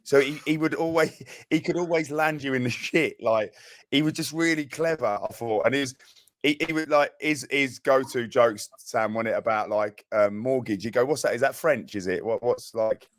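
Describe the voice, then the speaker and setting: A man's voice: mid-range voice, normal speed. A middle-aged man, a former footballer, telling funny stories in casual chat with lots of restarts and laughter. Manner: animated storytelling with laughs and restarts. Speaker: podcast co-host, ex-footballer.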